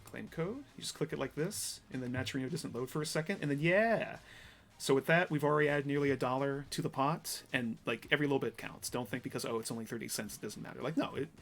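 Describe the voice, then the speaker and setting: A man commentates and hosts a live fighting game tournament stream, talking fast in a creaky, fairly bright mid-range voice. He's chatty, rambles, and laughs often during the esports coverage.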